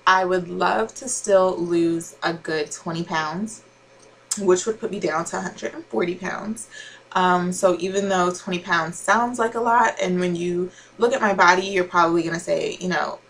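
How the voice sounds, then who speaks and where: A woman's voice: on the low side, normal speed, gravelly, a bit bright, a little hiss or hum, rough recording. A young woman chatting casually to camera as a vlogger, with frequent laughs and fillers.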